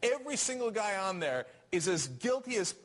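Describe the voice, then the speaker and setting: A male political talk host with a high, very expressive voice. He fires off pointed questions and argues back at his guests in a combative way. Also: moderate pace. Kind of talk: political panel discussion.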